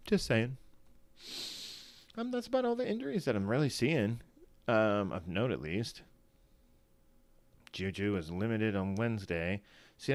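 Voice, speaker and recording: With a fairly low pitch and no echo, this man's voice carries a laid-back solo livestream. He's a fantasy football streamer still in his morning voice, wandering off track, self-deprecating, and full of fillers and false starts.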